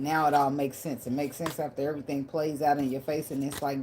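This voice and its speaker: A woman's voice: low-pitched, little pitch movement, brisk, a little mellow, slight background noise. A woman giving a casual tarot reading in a blunt, profane, conversational way. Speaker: tarot reader.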